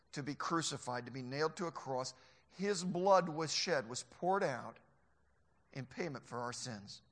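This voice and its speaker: A man preaching a sermon, animated, sometimes mimicking mocking scoffers. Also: a little high. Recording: long hall reverb.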